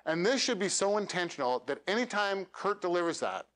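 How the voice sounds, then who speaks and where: Speaking to a meetup crowd, a man coaches elevator pitches in a workshop-style talk. He demonstrates lines with plenty of energy and dramatic pauses.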